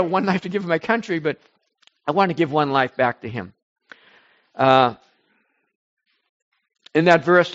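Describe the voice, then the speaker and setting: A man preaching informally to a small group, rambling and animated, swinging between loud bursts and soft asides. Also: mid-range voice, highs cut off. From United States.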